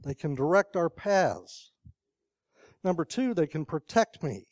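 A man's voice: a little high, sing-song, measured pace, a little mellow, no echo. An older man preaching a sermon in a conversational storytelling way, asking the congregation questions.

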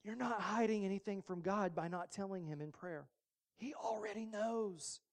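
A male pastor giving a sermon in a relaxed, conversational way, slipping in humorous asides. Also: high voice, moderate pace.

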